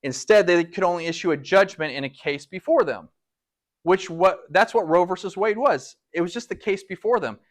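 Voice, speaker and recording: Man, slightly high voice, animated lecturer who keeps asking the room questions. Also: moderate pace. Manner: animated, asks the audience many rhetorical questions. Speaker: speaker at a public talk. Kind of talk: lecture to a live audience.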